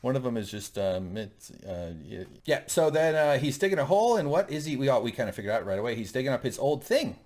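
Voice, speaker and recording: A man's voice: medium pitch, very animated, fast, hardly any pauses, a little mellow. Rambling, jokey male podcast co-host. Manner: rambling, jokey, with frequent fillers and bursts of laughter. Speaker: co-host of a TV recap show. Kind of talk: casual chat.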